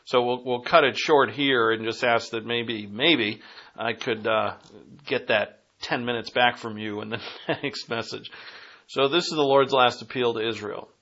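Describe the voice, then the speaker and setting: A man's voice: mid-range voice, steady tone, unhurried, bright, forceful tone, highs cut off. Emphatic Boston-accented man teaching scripture. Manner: emphatic, digressive, rising to punch key phrases. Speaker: Bible teacher. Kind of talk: sermon.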